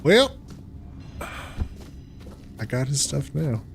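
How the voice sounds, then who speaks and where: A man's voice: medium pitch, big pitch swings, extremely slow, gravelly, faint music behind. A man hosting a let's play, chatting casually with viewers and laughing often. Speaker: gaming channel host.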